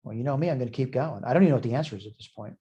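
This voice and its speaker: A man's voice: mid-range voice, rapid-fire, mellow, dull audio. A man teaching a college math lesson, thinking aloud as he works through problems in a chatty, self-deprecating way. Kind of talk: recorded math lecture.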